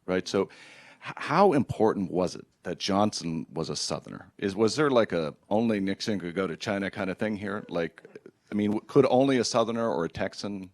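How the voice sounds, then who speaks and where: A man's voice: fairly low pitch, expressive, a little fast, dry recording. A man hosting a public conversation, asking thoughtful questions with some hesitation. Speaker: host. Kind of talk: conversational interview.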